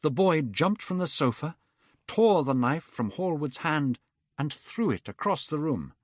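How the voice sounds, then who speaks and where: A man narrating an audiobook for English learners, slow and clear. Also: on the high side, lively intonation, dry recording, clean studio sound.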